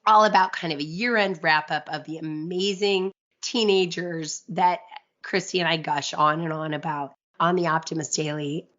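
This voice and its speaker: A woman in her thirties co-hosting a podcast in casual chat, a little husky from a cold, chatty and upbeat. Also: lowish voice, fairly bright tone, lo-fi sound. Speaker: podcast co-host.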